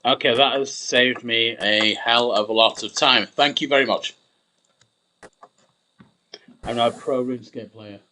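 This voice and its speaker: Chatty man, bright voice. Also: mid-range voice, steady tone, measured pace, pauses often, a little hiss or hum, poor audio. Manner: rambling, chatty, self-mocking. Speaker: gameplay commentator. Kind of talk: casual gameplay commentary.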